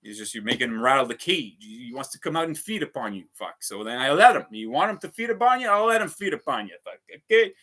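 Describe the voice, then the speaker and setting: A man's voice: medium pitch, very animated, fast talker, few pauses, a bit bright. A man ranting heatedly on a casual livestream, swearing often and repeating himself. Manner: heated, profane, repetitive ranting. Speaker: vlogger.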